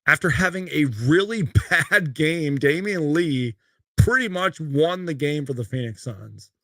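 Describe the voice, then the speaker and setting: Young male fan host with a gravelly voice, live from his bedroom, bursts of excitement between rambling chat. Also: a little slow, dry recording, studio quality. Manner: excitable, loud outbursts on highlights, then rambling. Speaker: sports fan show host. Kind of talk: live post-game fan stream. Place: bedroom at home.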